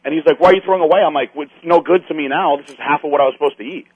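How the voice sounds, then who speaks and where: A man's voice: fairly high pitch, racing, slightly rough, no echo. A man telling a story in casual chat, acting out the other people's lines and swearing as he goes. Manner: animated storyteller, acts out quotes, swears. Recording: tinny phone-line sound.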